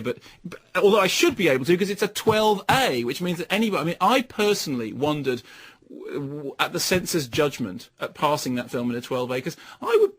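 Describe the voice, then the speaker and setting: A man's voice: on the high side, a bit bright, husky. A man reviewing a film on the radio, in a wry, rambling and sarcastic way. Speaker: film critic.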